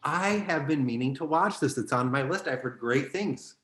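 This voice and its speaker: A man co-hosts a casual podcast chat, animated and prone to leaping into high-pitched quoted voices. His tone is bright and forceful. The room around him is echoey. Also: moderate pace. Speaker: podcast co-host. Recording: roomy, echoey room sound.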